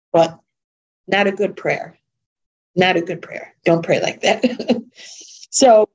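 A woman's voice: a little high, darkish tone, low-quality recording. A woman preaching a sermon in an earnest, conversational way, repeating points for emphasis.

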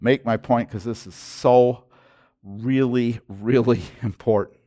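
A man preaching as pastor, emphatic and repetitive, his voice swelling loud on key points. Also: mid-range voice, fairly even intonation, slow, no echo, clean studio sound. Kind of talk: sermon.

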